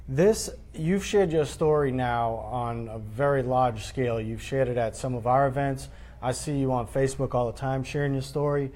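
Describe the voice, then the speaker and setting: A man interviewing a guest for a prevention group, asking gentle, rambling questions on a low-quality live-stream video.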